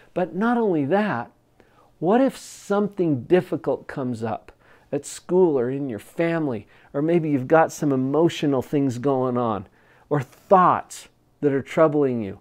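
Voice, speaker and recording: A man coaching teens in a motivational talk to camera, energetic and emphatic, getting loud on key phrases. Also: on the high side, measured pace. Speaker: parenting coach.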